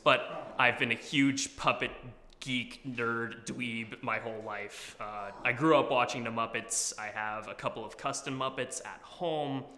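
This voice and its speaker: A man's voice: mid-range voice, unhurried, pushed and bright. A young man from Washington, D.C., answering questions at an acting audition in a self-deprecating, joking way, with plenty of filler words. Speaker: auditioning actor. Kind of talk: audition interview. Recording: echoey hall.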